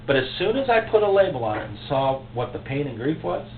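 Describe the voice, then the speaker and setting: A man's voice: on the high side, very animated, quick pace. Impassioned preacher man, tinny echoey recording. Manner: impassioned, emotional preaching with sudden loud outbursts. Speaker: pastor. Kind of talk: sermon. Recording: echoey, tinny phone-like recording with faint hum.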